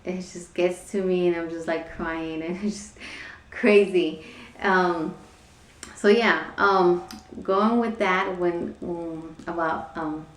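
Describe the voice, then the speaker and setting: A young woman with a slightly low voice talks through a casual home vlog, rambling and filling pauses as she goes. She sits back from the camera mic, so her voice sounds distant and the room rings around her. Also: steady tone. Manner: rambling, many fillers, frequent laughs. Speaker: vlogger. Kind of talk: casual pregnancy vlog chat. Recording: echoey room, somewhat far from mic.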